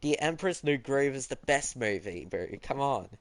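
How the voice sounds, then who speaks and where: A man's voice: mid-range voice, animated, moderate pace. A teenage boy streaming a game, chatting casually and teasingly as he answers his viewers. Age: teens. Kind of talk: casual chat while gaming.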